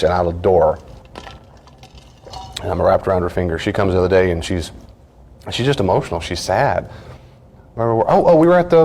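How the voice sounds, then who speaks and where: A middle-aged pastor with a very low voice teaches in a relaxed, conversational way. He tells earnest stories and briefly acts out what other people said. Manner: earnest storytelling, acts out short quoted lines.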